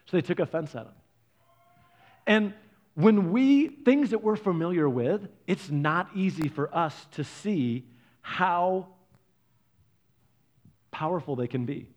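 Male pastor, fairly high voice, anecdotal sermon delivery that acts out the characters in his stories. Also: measured pace, long pauses. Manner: animated storytelling, acts out family members' voices.

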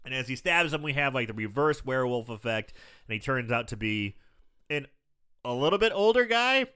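A man casually recapping a film on a podcast, acting out scenes with quick impressions, swearing and laughing as he goes. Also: mid-range voice, clear, resonant tone. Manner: animated storyteller, acts out scenes, swears, laughs often. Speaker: podcast co-host. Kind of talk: casual movie recap chat.

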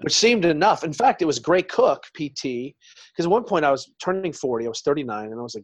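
A man's voice: on the high side, animated, quick pace, breathy edge, no room sound, dull audio. A man in his forties, a podcast guest, telling stories in a rambling, conversational way full of restarts. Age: 40s. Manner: rambling storyteller, trails off and restarts. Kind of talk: casual interview chat.

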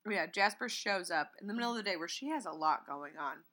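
A young woman casually recapping a movie, animated and acting out the characters' lines. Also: on the low side, fast. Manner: animated, acts out characters' lines in exaggerated voices.

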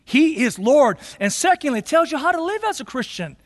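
A man's voice: extremely high pitch, very animated, brisk. A male pastor preaching a sermon in an emphatic way, asking questions aloud and answering them himself. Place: church sanctuary. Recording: long reverb of a large hall.

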